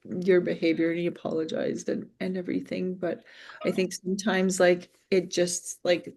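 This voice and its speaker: Gravelly, husky-voiced woman teacher. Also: lowish voice, darkish tone. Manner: chatty, many fillers and laughs. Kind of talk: casual discussion.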